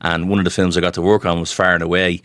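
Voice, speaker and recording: Deep fast-talking Irish man. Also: level tone, a bit bright, no room sound, studio quality. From Ireland. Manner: rambling anecdotes with many restarts and "you know". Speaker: guest comedian. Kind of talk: casual storytelling.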